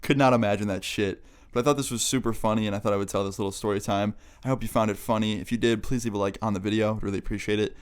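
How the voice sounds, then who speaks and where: A man's voice: fairly low pitch, fairly even intonation, rapid-fire, clean tone. A young man vlogger telling a funny story in a casual, laughing, swear-filled way.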